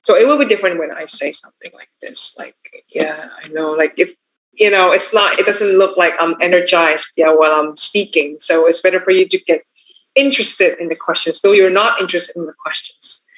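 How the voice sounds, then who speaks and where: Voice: mid-range voice, fairly quick, a bit bright. A tutor with an Indonesian accent giving casual exam tips, often tacking on "yeah" and "you know". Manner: chatty, tacks on frequent "yeah" and "you know". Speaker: English test tutor. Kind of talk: casual teaching talk. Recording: dull lo-fi recording.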